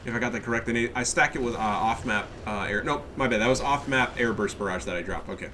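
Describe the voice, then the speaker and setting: A man's voice: medium pitch, fast talker, sharp tone, a little hiss or hum. A man with a stuffy nose giving casual, profane and cocky commentary on a strategy game match. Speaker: game caster.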